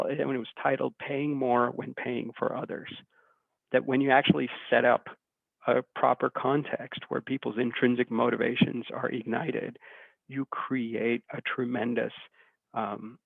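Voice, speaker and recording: A man giving a talk, telling a story in an animated way and acting out the people he quotes. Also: medium pitch, creaky, slightly rough, no room sound. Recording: tinny phone-like sound, dry.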